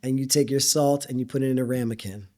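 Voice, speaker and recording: A man's voice: medium pitch, quick pace. A middle-aged man, a chef, telling stories in a casual interview, acting out quotes and swearing freely. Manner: animated storyteller who acts out quotes, swears freely. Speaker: chef and restaurant owner, guest.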